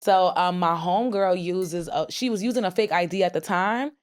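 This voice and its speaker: Animated, profane woman telling stories. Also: on the low side, normal speed. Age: 30s. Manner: animated storyteller, profane and slangy, acts out quotes. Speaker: podcast co-host. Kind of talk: casual podcast chat.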